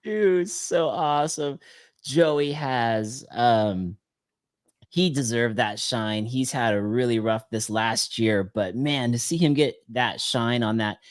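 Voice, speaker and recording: A man's voice: medium pitch, slow, no room sound, clean studio sound. A man hosting a podcast, chatting casually in an upbeat, slangy way and laughing often. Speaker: podcast host.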